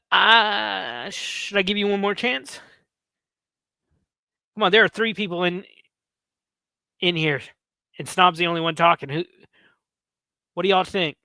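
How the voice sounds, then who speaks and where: This livestream host, a man in his late thirties, has a gravelly voice that sits high, sounding pushed and bright on a dry recording. He chats casually with viewers, rambling through stories and goofing with his chat.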